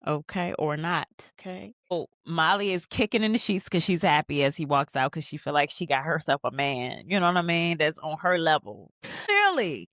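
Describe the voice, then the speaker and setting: A woman hosting a podcast, recapping a TV episode in a chatty, animated way with slangy asides. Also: low-pitched, no echo, clean studio sound. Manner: narrates scenes while pausing the show. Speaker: podcast host.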